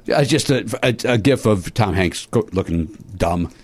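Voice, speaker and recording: Casting: man, podcast host, dry teasing wit, expressive rising and falling pitch. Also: normal speed, slightly rough. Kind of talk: casual chat.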